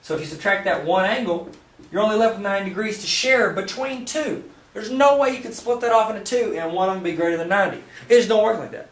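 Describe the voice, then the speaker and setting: Jokey math teacher guy at the whiteboard, highish voice, roomy sound a bit away from the mic. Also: fast talker, recorded from a distance. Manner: playful, jokey asides to the viewer. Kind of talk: joking whiteboard math lesson. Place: room with a whiteboard.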